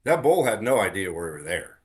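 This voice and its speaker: Man, lowish voice, earnest storyteller, repeats words for emphasis, podcast guest. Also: sing-song, fairly quick, breathy edge. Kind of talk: storytelling in casual conversation.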